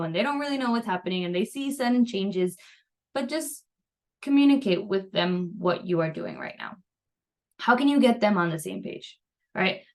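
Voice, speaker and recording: A young woman nutrition coach talks to her clients over a computer mic on a video call. Her voice sits in a middle register, and her delivery is chatty and loose, full of fillers and reassurance. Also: medium pitch. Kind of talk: casual coaching talk over screen share.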